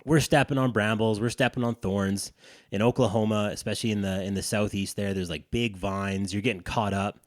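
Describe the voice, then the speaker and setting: A man co-hosting a podcast, telling an animated, profane story in casual chat. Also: lowish voice, brisk, no room sound, clean studio sound. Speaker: podcast co-host.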